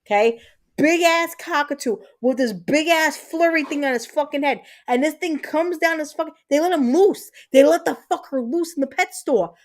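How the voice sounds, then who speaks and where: Hosting a live stream at a moderate pace, this woman in her thirties speaks in a high-pitched voice, chatting loosely and telling lively stories packed with swearing.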